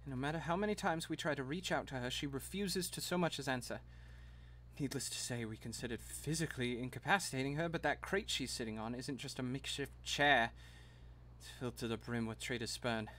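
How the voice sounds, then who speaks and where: A man voicing a grave official who pleads in a low, earnest, measured way. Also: fairly bright tone, natural voice.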